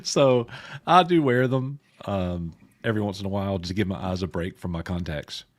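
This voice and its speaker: A man co-hosting a casual pop culture live stream, joking with chat, his voice a bit gruff and hoarse. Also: deep voice, moderate pace. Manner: joking, addresses chat viewers by name. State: sounds slightly sick.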